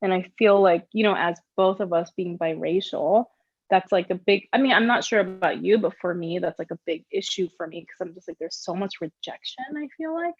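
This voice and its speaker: A woman interviewing a guest in casual conversation, chatty and lively, with many "like" fillers. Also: mid-range voice, a little fast, no room sound, dull audio.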